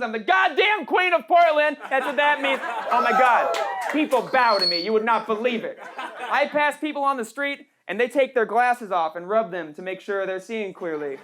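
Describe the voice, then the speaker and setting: A woman's voice: on the high side, noisy background. A young trans woman doing a sarcastic, punchy stand-up comedy set on a small club stage. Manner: brash, sarcastic, punchy delivery with frequent "right?" tags. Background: audience laughter.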